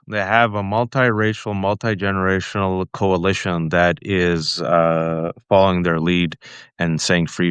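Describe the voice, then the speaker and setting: An American man hosting a casual interview chats and tells an anecdote, animatedly acting out the voices of the people he quotes. His voice is low and clean, with no room sound at all.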